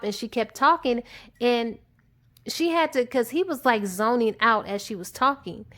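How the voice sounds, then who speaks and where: A woman giving a casual, animated movie recap in a chatty storytelling manner. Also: fairly high pitch, measured pace. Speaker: movie reviewer on her channel.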